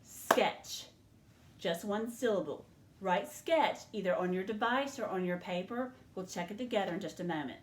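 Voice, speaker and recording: A woman teaching a spelling lesson to young learners, sounding out each letter and syllable slowly and patiently. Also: medium pitch, animated, reverberant.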